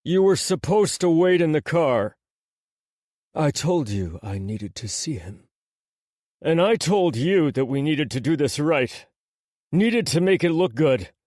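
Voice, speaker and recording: A man doing a gruff, impatient agent. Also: a little high, very animated, a little slow, darkish tone, dry recording, studio quality. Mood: angry, impatient. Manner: curt, growling.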